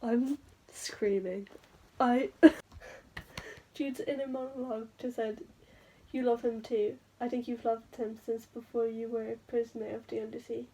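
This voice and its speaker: A woman's voice: on the high side, moderate pace, breathy edge, rough recording. Gushing young woman reading vlogger. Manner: gushing, excitable, filler-heavy chatter. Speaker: book vlogger. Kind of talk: casual reading vlog with read-aloud passages.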